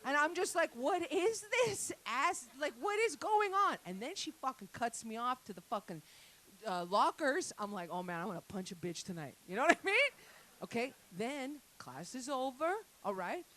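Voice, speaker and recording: A woman's voice: on the high side, very animated, moderate pace, a bit bright, poor audio. A woman doing a crude, rambling stand-up set with lots of asides to the crowd. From Italian-Canadian family. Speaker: stand-up comedian. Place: comedy night venue.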